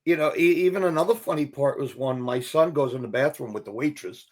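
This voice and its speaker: A middle-aged actor appearing as an interview guest tells stories casually and animatedly, acting out the voices of people he quotes and swearing casually. He speaks briskly in a mid-range voice.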